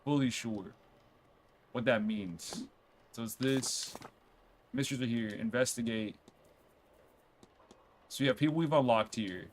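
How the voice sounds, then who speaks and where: A man streaming a game, chatting casually, reading on-screen text aloud and reacting with quick outbursts. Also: mid-range voice, a little hiss or hum. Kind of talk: casual let's-play commentary.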